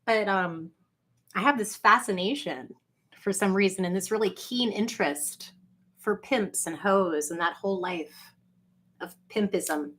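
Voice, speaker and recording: A woman, rambling on a livestream, swinging between gushing greetings to viewers and low confiding asides. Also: unhurried, a bit bright. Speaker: livestream vlogger.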